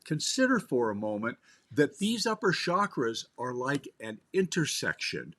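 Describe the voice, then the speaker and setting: A man on a spiritual talk radio show, speaking as a medical intuitive, animated and often repeating words as he starts a sentence. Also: medium pitch, unhurried.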